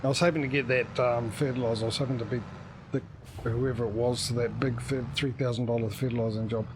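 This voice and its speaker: A man's voice: mid-range voice, fairly even intonation, fast, background noise. A man hosting a casual gaming livestream, rambling chattily with sarcastic asides. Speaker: livestream gamer host.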